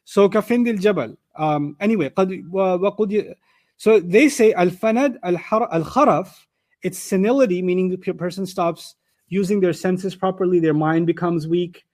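A man's voice: high voice, a little fast, a little mellow. A man giving an explanatory lecture on scripture, reading out Arabic terms and then explaining them in plain words. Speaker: Quran teacher.

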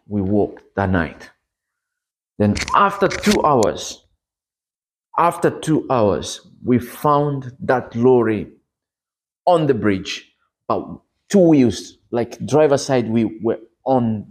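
Man preaching a testimony, husky. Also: lively intonation, takes it slowly, pauses often. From Democratic Republic of Congo. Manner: earnest storytelling, rising pitch at dramatic moments. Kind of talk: sermon testimony.

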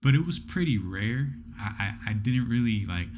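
A man from Orange County, California chatting casually as a podcast co-host, rambling in a relaxed way. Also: on the low side, normal speed, noisy background. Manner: relaxed, rambling, restarts often. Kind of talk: casual chat.

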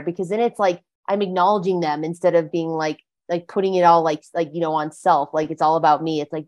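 A woman's voice: medium pitch, fairly quick, darkish tone. Earnest woman sharing her recovery story. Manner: earnest, heavy use of "like" fillers. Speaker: podcast guest. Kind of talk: casual conversation about recovery.

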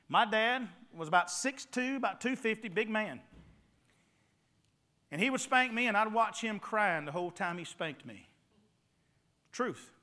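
A man's voice: high-pitched, sharp tone. A middle-aged man from North Carolina with a Southern accent, preaching a sermon in a folksy storytelling way and checking in with the congregation. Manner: folksy storytelling with call-and-response asides.

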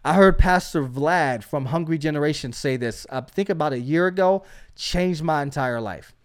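A man's voice: a little high, moderate pace, smooth. A man hosting a faith podcast, preaching with emphatic energy and frequent call-outs to his listeners.

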